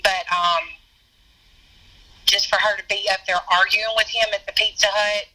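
A woman's voice: medium pitch, fairly even intonation, moderate pace, sharp tone, poor audio. A woman talking in an offhand, conversational way. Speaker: interviewee. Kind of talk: casual chat.

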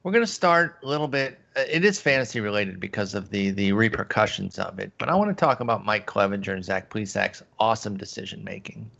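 A man's voice: fairly low pitch, lively intonation, fast talker, creaky, few pauses, a bit bright, highs cut off. A man hosting a sports podcast, chatting casually in a jokey, rambling way. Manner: jokey, rambling, laughs easily. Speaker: podcast host.

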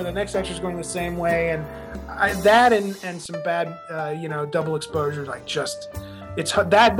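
A film director being interviewed, talking casually and laughing at himself, with lots of restarts. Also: male voice, a little high. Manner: chatty, self-deprecating, many restarts.

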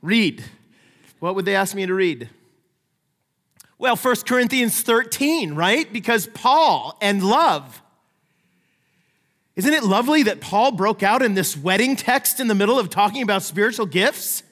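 A middle-aged male pastor with a high voice preaches in a lively, conversational way, slipping into playful voices for the people he quotes. His words ring out with the long reverb of a large church sanctuary. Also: unhurried, pauses often. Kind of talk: sermon.

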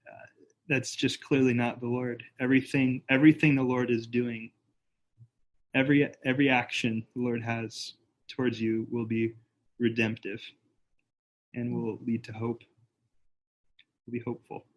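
A man's voice: medium pitch, level tone, moderate pace, pauses often, poor audio. A man on a church teaching team speaking firmly and assuredly on a video call. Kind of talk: casual discussion on a video call.

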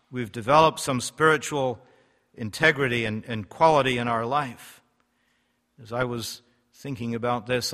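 A man preaching a sermon, reading scripture slowly and solemnly, his loudness rising and falling for emphasis. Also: medium pitch. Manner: emphatic, swells and drops in loudness; reads scripture in slow, solemn cadence. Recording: long hall reverb.

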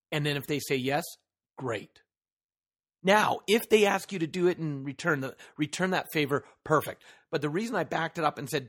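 A man hosts a solo motivational podcast, talking straight into his microphone with earnest emphasis. His voice sits a little high for a man. He poses one rhetorical question after another to the listener. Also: moderate pace, fairly bright tone. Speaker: podcast host.

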